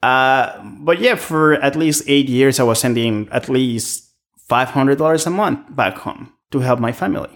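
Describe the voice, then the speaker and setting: A man talking in a loose, rambling way, telling stories in a relaxed podcast chat. His voice sits at an everyday middle pitch. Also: moderate pace, vocal fry. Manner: rambling storyteller. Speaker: restaurant worker, podcast guest. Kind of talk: casual chat.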